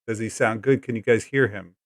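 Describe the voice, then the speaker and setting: Livestream host, man, casual and repetitive greetings, lowish pitch, dry sound. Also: fairly even intonation, a little fast, no room sound. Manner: chatty, repeats greetings, coaching guest. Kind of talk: casual live chat.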